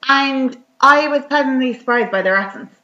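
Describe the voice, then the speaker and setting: An Irish woman with a bright, forward voice rambles through a movie plot in casual podcast chat, full of fillers. The recording is dull and lo-fi. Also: sits high, moderate pace.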